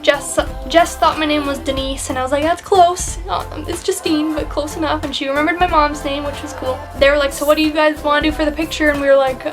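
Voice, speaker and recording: Giggly high-voiced young woman vlogging. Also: flat delivery, over music. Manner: giggly, chatty, quickly shifting between quoted voices. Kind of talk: casual chat recounting a fan convention.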